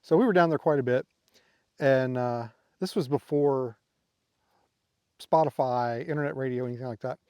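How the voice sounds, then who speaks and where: A middle-aged man vlogging from a campsite, telling rambling stories full of fillers in an easygoing voice. His voice sits at an ordinary middle pitch. The sound is dry and close, with no room echo. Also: moderate pace, long pauses, dark tone, clear, resonant tone. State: tired from a sleepless night. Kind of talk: casual vlog storytelling. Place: outdoor campsite by water.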